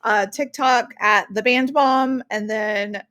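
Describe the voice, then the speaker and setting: A woman's voice: on the high side, slow, fairly bright tone, no echo. A middle-aged woman, a band parent, chatting on a podcast with self-deprecating humor. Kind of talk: casual podcast chat.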